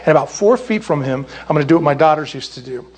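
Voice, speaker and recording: A middle-aged man from California preaching a sermon as a pastor, jokey and animated, squealing when he acts out quotes. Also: fairly high pitch, quick pace.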